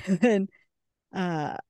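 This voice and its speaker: A woman's voice: medium pitch, drawn-out words, no echo, clean studio sound. A woman co-hosting a podcast, eagerly retelling a TV episode in casual chat full of fillers. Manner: enthusiastic, retelling scenes with many fillers. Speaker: podcast co-host.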